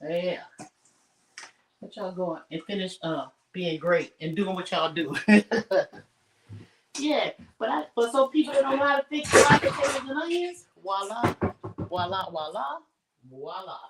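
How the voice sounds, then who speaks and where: A woman's voice: mid-range voice, a little slow, pauses often, distant mic, a little hiss or hum, poor audio. A middle-aged woman hosting a casual cooking livestream from her home kitchen, chatting straight to her viewers with lots of asides. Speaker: home cook livestream host.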